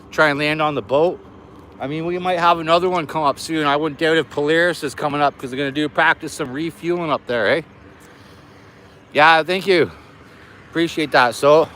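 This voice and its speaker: A man's voice: on the high side, a bit bright. Guy in his middle years doing a live stream outside by an air base, just chatting and saying hi to viewers, bit of faint traffic noise. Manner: chatty, greeting viewers by name. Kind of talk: casual live-stream chat. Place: outdoors near an air base.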